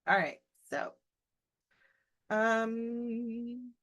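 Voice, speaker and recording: A woman's voice: on the high side, extremely slow, fairly bright tone. A woman English teacher reading a short story aloud and breaking off for chatty, joking asides to her class.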